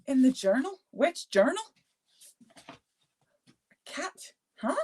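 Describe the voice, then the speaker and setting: A woman's voice: high voice, very animated, slow pace, darkish tone. A woman hosting a live art therapy stream, chatting casually, laughing often and answering viewer comments as she goes. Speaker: art therapy session host.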